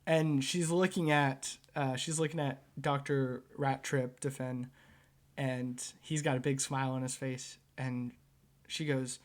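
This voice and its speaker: A man's voice: mid-range voice, flat delivery, a little slow. A man narrating and running a tabletop game as game master, in a casual way with frequent fillers and swearing.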